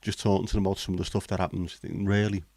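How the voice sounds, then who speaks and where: Male host, very low voice, dry close sound, sweary cynical banter. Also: flat delivery, rapid-fire, creaky, a little mellow, dry recording. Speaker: livestream host. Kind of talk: casual chat.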